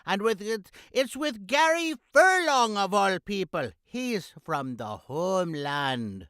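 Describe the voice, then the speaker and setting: A man voicing a high-pitched, cranky male sidekick who bosses his partner around in a comic podcast intro. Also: very animated, takes it slowly, smooth, no echo, studio quality, heavily acted. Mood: bossy. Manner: bossy, sharp-tongued banter. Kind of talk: comic radio sketch intro.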